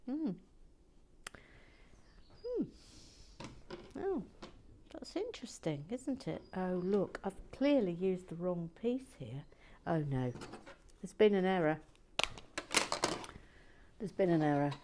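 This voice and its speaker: A woman hosting a relaxed brick-building video, soft-spoken and playful with dry asides that drift into whispers. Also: fairly low pitch, slow, long pauses, background noise. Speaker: host building toy brick sets.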